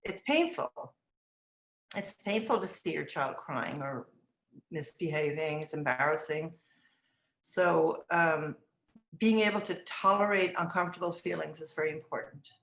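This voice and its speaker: A middle-aged woman in an interview, reflecting on teaching children in a thoughtful way, often restarting her sentences and acting out gentle phrases she would say to a child. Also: sits low, unhurried, gravelly. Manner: acts out gentle words to children. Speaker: early childhood education director. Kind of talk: interview answers. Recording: roomy echo.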